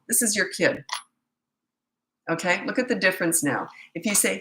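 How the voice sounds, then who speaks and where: A woman's voice: lowish voice, fast talker, sharp tone, roomy sound, low-quality recording. A middle-aged woman parenting coach talking through viewer questions in a chatty, emphatic live advice session.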